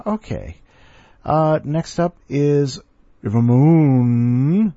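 Casual male podcast host; rambling, sighing, dry close recording, husky. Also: on the low side, warm tone, no echo, highs cut off. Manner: rambling, sighing, self-mocking asides.

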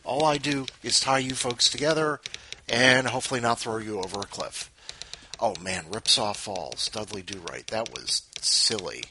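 A man hosts a podcast in loose, rambling chat full of jokes and fillers. His pitch is mid-range but moves around a lot, lively and animated. Clear background noise and keyboard typing sit behind him. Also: moderate pace. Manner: rambling, joking, lots of fillers and asides. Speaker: podcast host. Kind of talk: casual chat.

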